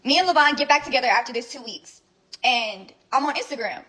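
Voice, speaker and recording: A woman's voice: high voice, lively intonation, brisk, pushed and bright, low-quality recording. A young woman telling a rambling, blunt story full of swearing and fillers. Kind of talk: casual storytelling recap.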